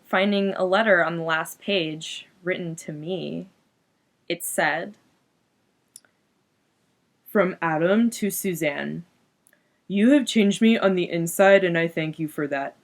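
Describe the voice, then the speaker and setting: A woman playing a gushing teen goth girl. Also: on the low side. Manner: valley-girl filler "like", giggly, overdramatic. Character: gushing, melodramatic 8th-grade goth girl. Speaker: diary-style narrator. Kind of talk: comic teen diary monologue.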